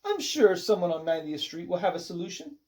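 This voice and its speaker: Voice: medium pitch, sing-song, fast talker, a little mellow, lightly acted. A reader putting on a glamorous, theatrical woman soap star who speaks in a fake English accent and talks grandly. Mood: soothing. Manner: grand, affected, calls people darling.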